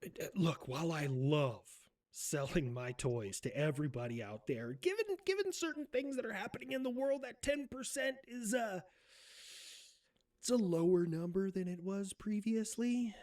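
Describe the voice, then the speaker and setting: A man putting on an impression of a male head of state, halting and full of hesitant fillers. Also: sits high, animated, darkish tone. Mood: coy. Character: impression of a male wartime head of state, pleading, heavily accented.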